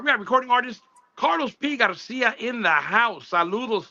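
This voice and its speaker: A man hosting a casual live-stream interview, shouting out viewers and praising his guest. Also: very high voice, animated, normal speed, no echo. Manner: shouts out viewers, admiring and emphatic. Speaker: show host. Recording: dull lo-fi dry sound.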